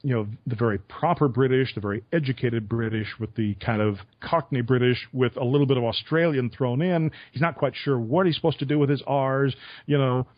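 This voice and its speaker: A man with radio experience, telling stories and giving advice in a relaxed conversational way, chuckling often. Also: medium pitch, fairly quick, no room sound, dull audio. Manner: storytelling with chuckles. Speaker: radio interviewer. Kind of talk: conversational podcast interview.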